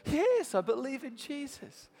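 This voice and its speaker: A man's voice: very high voice, sing-song, unhurried, gravelly, darkish tone, voice pushed up, full character voice. A man voicing an elderly female street vendor who speaks broken English and repeats her words. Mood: eager.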